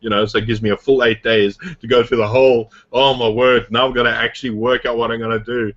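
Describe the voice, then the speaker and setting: A man's voice: mid-range voice, little pitch movement, quick pace, lo-fi sound. A man casually coaching a group about his online business, rambling with lots of fillers and restarts. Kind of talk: casual motivational talk on a group video call.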